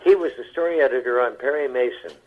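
An older man, an actor, telling stories in an interview in a halting way that repeats words. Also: mid-range voice. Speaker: actor as guest. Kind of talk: anecdotal interview talk. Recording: dull lo-fi radio broadcast.

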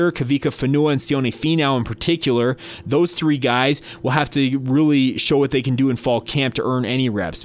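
Casting: male sports podcast host, mid-pitched voice, loose conversational delivery with fillers.

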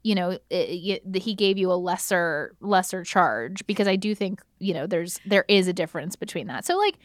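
A woman's voice: lowish voice, normal speed, no echo, clean studio sound. A woman podcast co-host in casual chat, reacting expressively and giving her opinion with lots of fillers.

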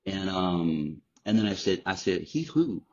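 A man guest on a podcast, telling candid, profane stories in a casual, animated way. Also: low voice, unhurried. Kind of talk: casual storytelling. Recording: dull lo-fi sound.

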